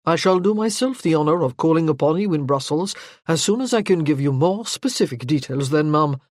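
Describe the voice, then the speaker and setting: A narrator voicing a suave, charming earl who speaks in a smooth, courteous manner. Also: male voice, a little high, lively intonation, fairly quick, no echo, studio quality, close to an everyday voice.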